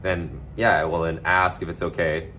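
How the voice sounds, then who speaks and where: A man rambles casually to his livestream viewers, swearing freely and using lots of filler words. His low-pitched voice is flat in delivery but bright and forceful, at a moderate pace, with faint music behind him.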